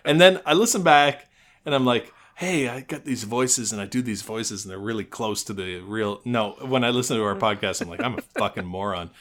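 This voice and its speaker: A man with a nasal voice that sits low in pitch yet sounds bright and forceful. He talks in a loose, rambling way on a casual podcast, swears freely and pokes fun at himself. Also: expressive, fairly quick. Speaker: podcast co-host. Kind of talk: casual chat.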